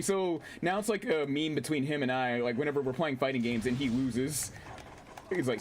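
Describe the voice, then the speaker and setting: A man casually commentating his gameplay on a stream, excitable, swearing, laughing and reading chat aloud. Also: mid-range voice, normal speed, slight background noise.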